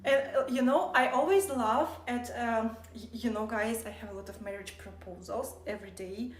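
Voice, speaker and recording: A woman's voice: a little high, moderate pace, slight background noise. Blunt, irritated woman streamer, echoey room. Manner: blunt, irritated, lecturing chat. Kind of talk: casual live stream chat.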